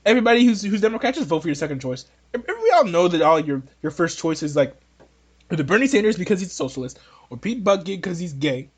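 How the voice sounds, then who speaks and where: A high-voiced man hosting a casual opinion podcast. He rambles and jokes, often restarting his sentences. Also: sing-song, fast, husky. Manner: rambling, joking, many restarts. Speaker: podcast host. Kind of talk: casual political opinion talk.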